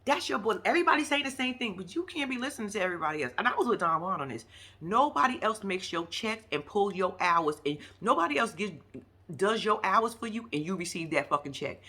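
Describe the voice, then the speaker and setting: A woman's voice: mid-range voice, bright, forceful tone. A woman giving a casual recap of a reality show, blunt and profane, scolding the people in it as she talks.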